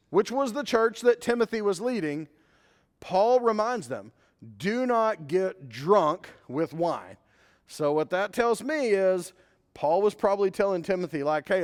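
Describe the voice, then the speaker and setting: A man preaching a conversational sermon as a pastor, mixing scripture with a personal story. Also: high-pitched. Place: church sanctuary. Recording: long hall reverb.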